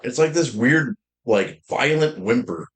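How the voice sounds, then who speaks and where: A man streaming games in casual chat, talking in a deep, slightly loud voice and rambling with lots of fillers and restarts. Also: a little slow, low-quality recording. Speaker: game streamer.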